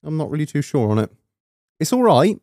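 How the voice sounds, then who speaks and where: A man's voice: fairly high pitch, fairly quick, no room sound, studio quality. A man co-hosting a podcast in casual chat, laughing often and swearing freely. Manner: laughs a lot, swears freely, animated storytelling. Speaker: podcast co-host.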